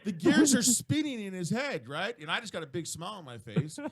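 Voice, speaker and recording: A middle-aged man with a high, lively voice tells a riding story on a casual radio chat. He is animated and swears freely, and his pitch swings up and down as he goes. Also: brisk. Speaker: co-host telling a riding story.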